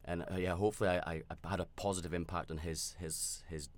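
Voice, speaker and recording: A man with a very deep voice tells a personal story on his own podcast. He talks candidly and reflectively, often restarting his sentences and filling pauses as he rambles. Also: steady tone, slight background noise. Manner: reflective and self-aware. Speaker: podcast host.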